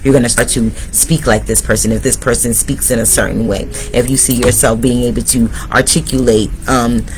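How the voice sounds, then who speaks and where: Male tarot reader, mid-pitch, motivational direct address, faint room noise. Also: rough recording. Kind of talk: spiritual tarot reading to viewers.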